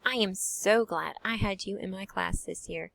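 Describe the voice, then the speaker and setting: A woman's voice: medium pitch, moderate pace, gravelly, fairly bright tone, no echo. A woman teacher leading a phonics lesson for young children, drawing out each sound in a sing-song way.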